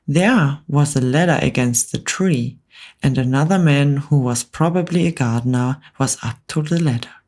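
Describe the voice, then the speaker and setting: A woman reading a storybook aloud in a calm, soft-spoken ASMR whispered role-play. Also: rumbling low, moderate pace.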